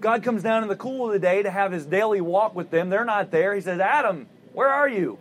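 A male pastor preaching in a relaxed storytelling manner and asking rhetorical questions. His voice sits high for a man. A faint hum runs underneath. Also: a little fast. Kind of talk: sermon.

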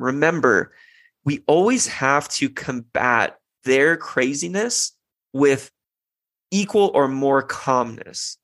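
A young man hosts a parenting podcast in a mid-range, fairly bright voice with no room sound. His casual monologue is reflective and earnest, full of restarts and "you know" fillers.

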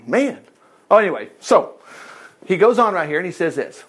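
This man's voice sits high and husky, moving at a moderate pace. Preaching conversationally to a roomful of congregants, he stays animated and performs the voices he quotes.

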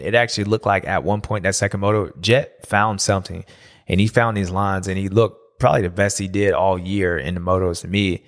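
A man hosting a loose, chatty race recap. His pitch swings a lot, and he often jumps into high, mocking voices to act out what riders said. He talks the way someone who has raced himself talks about it. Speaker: podcast host and former racer. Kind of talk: casual race recap commentary.

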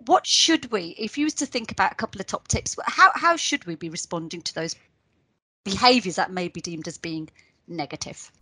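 A woman's voice: mid-range voice, lively intonation, normal speed, bright, forceful tone, breathy edge, dry recording. A woman interviewing a guest, hesitant and full of fillers as she asks her questions. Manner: hesitant, many fillers when asking.

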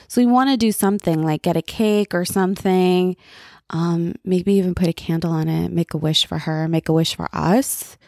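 A woman hosting a podcast alone, talking in a candid, reflective and halting way while she feels worn out and frayed. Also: lowish voice, a little mellow, no echo, clean studio sound. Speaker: podcast host. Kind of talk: casual personal monologue.

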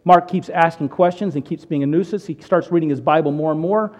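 A man preaching a sermon on radio, telling a story with lively acted-out quotes. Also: on the high side, a little fast, muffled recording. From United States. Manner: animated storyteller, acts out quotes. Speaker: pastor. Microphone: radio broadcast recording.

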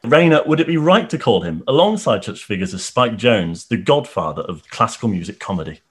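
A male host with a slightly husky voice reads a polished introduction. His pitch moves in a lively way as he puts a question to his guest. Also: a little fast. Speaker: radio host. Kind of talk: scripted presenter link and interview questions.

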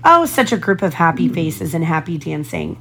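A woman narrating a children's storybook in a gentle, expressive way. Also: low voice, moderate pace, gravelly, noisy background. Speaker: storybook reader.

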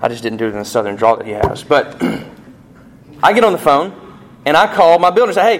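Animated male preacher, fairly high voice. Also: normal speed, long pauses. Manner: animated preaching, rising emphasis and rhetorical questions. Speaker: pastor. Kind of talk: sermon.

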